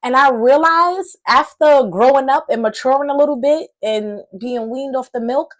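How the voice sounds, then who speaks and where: High-voiced woman preaching excitedly. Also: normal speed. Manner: animated, excitable, talks with her hands; conversational slang, addresses viewers as y'all. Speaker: Christian teacher. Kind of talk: casual preaching to camera.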